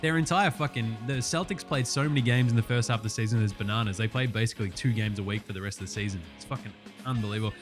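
A man's voice: fairly low pitch, fast talker. Australian guy, young, casual profane sports-podcast host, faint guitar behind. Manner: profane, jokey, animated.

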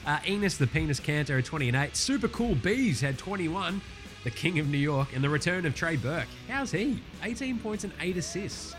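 A man's voice: on the high side, big pitch swings, moderate pace, over music. A man with an Australian accent hosting a casual sports recap, swearing freely, ranting and sarcastic. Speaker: sports podcast host.

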